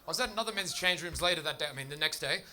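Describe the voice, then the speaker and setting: A young Australian man with an Australian accent doing a stand-up comedy set on a club stage, telling stories in a quick, chatty way with bursts of laughter. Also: fairly high pitch, heavy background noise.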